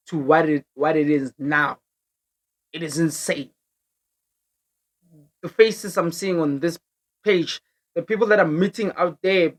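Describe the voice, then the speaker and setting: This young vlogger has a low-pitched voice and a South African accent. Telling a story for her vlog, she is casual and animated, laughing often and changing languages partway through sentences.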